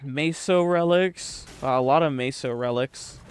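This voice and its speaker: This young streamer plays a game live and banters with viewers from his desk microphone, joking and cursing freely. He talks a bit slowly, his mid-range voice clear and resonant.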